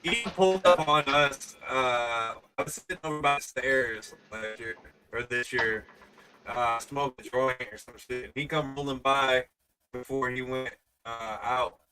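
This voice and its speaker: A man's voice: medium pitch, steady tone, a little slow, music in the background, low-quality recording. A man chatting casually in a laid-back way, with filler words like "uh" and "man". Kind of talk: casual chat.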